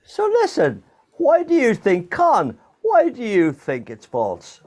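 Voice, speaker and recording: A man's voice: high voice, huge pitch swings, takes it slowly, a little mellow. An older man hosting a playful true-or-false quiz over a video call, teasing his guests and laughing often. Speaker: quiz host.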